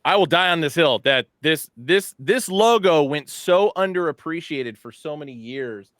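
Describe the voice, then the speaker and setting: Lively upbeat man hosting a casual recap. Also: a little high, normal speed, no echo, clean studio sound. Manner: upbeat, animated, joking with co-hosts. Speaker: show host presenting new hats. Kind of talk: casual product recap chat.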